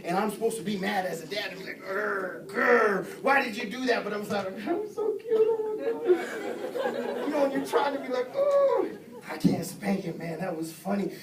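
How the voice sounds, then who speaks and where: A middle-aged evangelist preaching a sermon, telling humorous stories in an informal voice and building to shouted exhortations. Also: male voice, very high voice, distant mic. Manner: swings from soft storytelling to shouted exhortation; informal, humorous, repeats phrases. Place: church sanctuary. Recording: echoey church hall from off mic. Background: congregation calling out responses.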